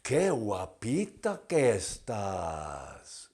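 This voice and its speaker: A man's voice: fairly low pitch, huge pitch swings, very slow, dark tone, heavily acted. A man voicing a lovestruck male pig in a storybook tale, crooning fawning compliments.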